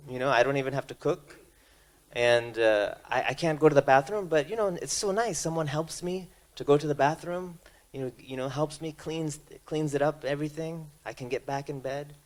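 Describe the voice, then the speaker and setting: A man voicing a cheerful, grateful older male patient who chats brightly about his hospital stay. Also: normal speed, natural voice. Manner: upbeat, chatty, raised pitch.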